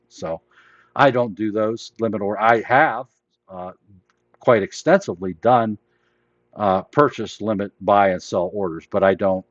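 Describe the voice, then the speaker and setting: A man's voice: fairly low pitch, no room sound, lo-fi sound. A man hosting a live trading lesson, explaining orders in a rambling, plain-spoken way while losing his voice. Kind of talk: casual live teaching.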